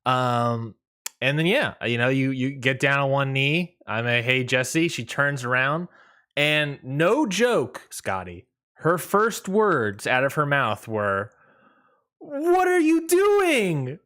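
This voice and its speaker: A young man co-hosting a podcast, chatting casually and rambling through a personal story with frequent laughter. His voice is bright and ringing, and his pitch is middle for a man. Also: expressive, slow. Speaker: podcast co-host.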